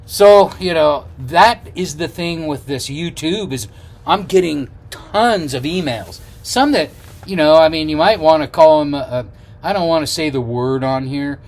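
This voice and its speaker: चहकता हुआ, बातूनी अधेड़ उम्र का आदमी. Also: male voice, on the high side. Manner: rambling, chatty, many fillers and restarts. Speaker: travel vlogger. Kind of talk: casual chat to camera. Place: outdoors on the road.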